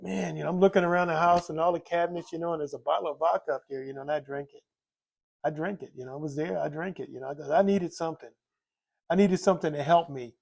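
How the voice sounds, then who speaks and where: An older man with a gravelly, slightly high voice gives a candid personal testimony about drinking and recovery. He rambles, circles back to repeat his own phrases and leans on constant fillers. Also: darkish tone. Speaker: recovering alcoholic telling his story.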